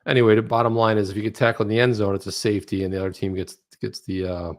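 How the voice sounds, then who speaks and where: A man's voice: on the low side, level tone, rapid-fire. A man co-hosting a live crypto talk show, chatting casually and joking around. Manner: joking, slips into old gangster voice. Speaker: co-host. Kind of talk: casual chat.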